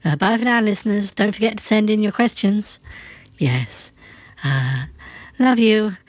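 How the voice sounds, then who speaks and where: A woman's voice: medium pitch, no echo, natural voice. A performer voicing an affectionate, fussy lady who gushes and gets flustered. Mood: gushing. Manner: gushing, slow, flustered.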